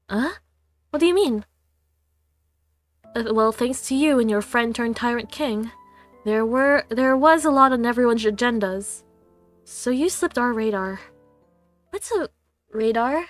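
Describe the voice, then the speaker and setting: A young woman, congested, streaming a game and reading its story aloud, with giggly, chatty asides between the lines. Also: on the high side.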